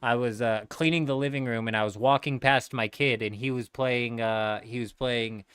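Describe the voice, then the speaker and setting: Smooth-voiced laid-back male streamer. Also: medium pitch, steady tone, moderate pace, fairly bright tone, dry recording, studio quality. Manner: laid-back, rambling, swears freely. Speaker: livestreamer. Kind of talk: casual gaming livestream chat.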